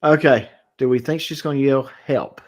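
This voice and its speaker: A man's voice: mid-range voice, fairly even intonation, moderate pace. A man hosting a casual livestream chat, teasing the others and laughing often. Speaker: host.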